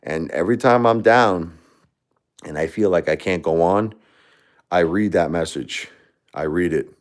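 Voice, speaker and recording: Deep-voiced man rambling on a livestream. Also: a little slow. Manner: rambling, heartfelt, conversational. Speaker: livestream host. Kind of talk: casual livestream talk.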